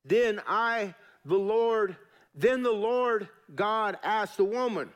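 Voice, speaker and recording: A middle-aged pastor delivers a sermon in a fairly high voice. He preaches in a folksy, emphatic way, repeating phrases for weight and turning to the congregation with asides. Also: animated, slow pace, smooth.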